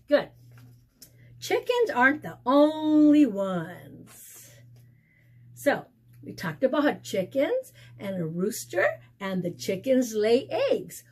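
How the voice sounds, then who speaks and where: A woman's voice: wildly swooping pitch, slow pace, darkish tone, husky. A woman teacher reading a storybook lesson to young children, sing-song and questioning, praising them and making playful animal sounds. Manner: playful animal sounds and exaggerated pitch swoops.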